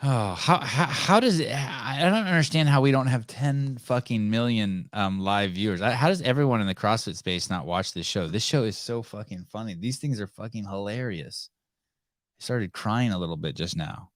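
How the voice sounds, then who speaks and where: A man's voice: lowish voice, expressive, no echo, studio quality. A man hosting a podcast in casual, rambling chat, swearing freely and laughing easily. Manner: rambling, profane, quick to laugh. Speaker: podcast host. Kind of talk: casual live-stream chat.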